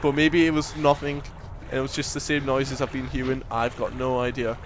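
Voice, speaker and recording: A man commentating a horror game as he plays, muttering and swearing, then breaking into panicked shouts. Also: mid-range voice, little pitch movement, a little fast, background noise. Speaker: gaming commentator.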